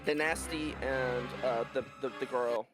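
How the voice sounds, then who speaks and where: A man's voice: medium pitch, steady tone, a little slow. A man from California chatting casually on a game stream, rambling and tripping over his words as he gives tips. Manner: rambling, stammers and repeats words. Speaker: co-streamer guest. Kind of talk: casual gaming chat. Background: game music.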